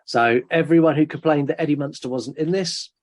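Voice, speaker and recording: A man's voice: on the high side, fairly quick. Man laughingly recapping a film. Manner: recaps the plot, laughing often. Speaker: podcast host. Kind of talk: casual film review chat.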